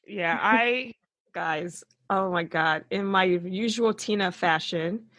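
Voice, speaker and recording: A woman hosting a podcast in casual chat, excitable and effusive, laughing often. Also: medium pitch, slow, dry recording. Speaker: podcast host.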